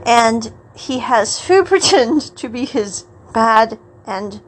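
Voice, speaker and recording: Chatty woman podcast host, higher voice. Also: expressive, slow, a little hiss or hum, poor audio. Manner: chatty and rambling, often laughs mid-sentence. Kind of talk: casual episode recap.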